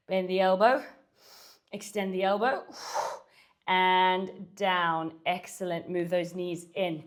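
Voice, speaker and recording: A woman Pilates instructor talks through a workout while she exercises. She is out of breath, sighs between cues and counts the reps down out loud. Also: fairly low pitch, fairly even intonation, slow pace. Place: home studio.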